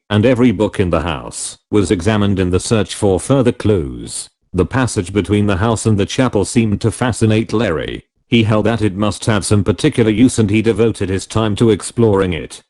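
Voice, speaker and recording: A man's voice: lowish voice, a little mellow. A man narrating a classic novel in the first person for an audiobook, telling it expressively. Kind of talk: scripted narration.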